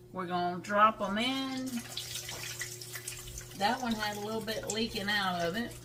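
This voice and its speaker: A woman's voice: medium pitch, noisy background. Chatty woman cooking at home. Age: middle-aged. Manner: chatty and folksy, addresses viewers as y'all, laughs often. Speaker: home cooking show host. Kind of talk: casual cooking vlog chat. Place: home kitchen.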